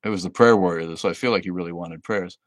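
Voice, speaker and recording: A male livestream host with a deep voice talks fast, reading viewers' comments out loud and replying bluntly and sardonically, full of fillers and laughter. The sound is clean studio audio with no room echo.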